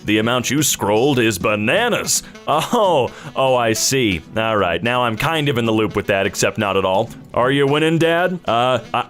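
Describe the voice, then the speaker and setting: Animated sarcastic young guy reviewing memes. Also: mid-range voice. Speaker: meme review YouTuber. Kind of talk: comedic meme commentary.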